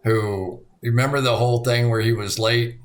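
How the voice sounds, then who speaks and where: A middle-aged man co-hosting a podcast in casual chat, telling stories with lively acted-out quotes. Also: moderate pace. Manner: animated storyteller, acts out quotes with big pitch jumps. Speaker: podcast co-host.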